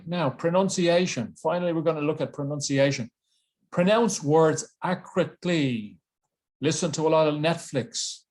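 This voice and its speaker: A man teaching an online English lesson to a webcam, playful and jokey, repeating words for drilling. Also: on the high side.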